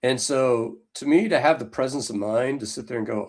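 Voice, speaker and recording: A man's voice: mid-range voice, normal speed, a little mellow. A man co-hosting a podcast in casual chat, rambling and full of fillers, with a Southern US accent. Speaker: podcast co-host.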